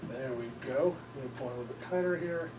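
A man working the camera, giving brisk, practical on-set remarks. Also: mid-range voice. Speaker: camera operator and director. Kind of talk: quick on-set crew talk. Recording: distant voice in a noisy room.

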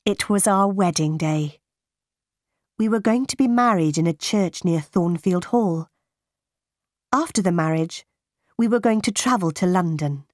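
Woman narrator, learner audiobook, clear and deliberate, very slow, dry. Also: lowish voice, darkish tone, no room sound. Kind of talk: slow graded reader narration for English learners.

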